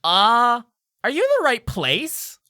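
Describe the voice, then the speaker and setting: A blunt, touchy young pixie student with a shrill, bright voice, as a man puts her on at the tabletop. She rambles defensively and loudly. The sound is dry and close. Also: sing-song, slow pace, dry recording, exaggerated voice. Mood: suspicious. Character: brash young muscular female pixie student.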